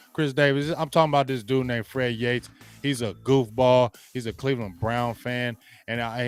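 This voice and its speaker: Trash-talking man hosting a sports stream. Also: medium pitch. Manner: trash-talking, loud and emphatic, greets chatters. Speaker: sports show host. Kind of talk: live-stream sports talk and rant.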